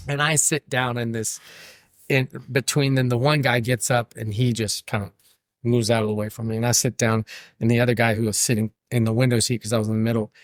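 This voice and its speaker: Animated man telling a story. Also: medium pitch, brisk, no echo, clean studio sound. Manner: animated, laughing, acts out quotes. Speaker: podcast guest, brewery owner. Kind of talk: casual storytelling chat.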